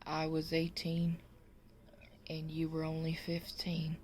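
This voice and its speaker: A woman voicing a weepy, solemn middle-aged husband in her own low, slow voice. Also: completely flat delivery, a little mellow, a little hiss or hum.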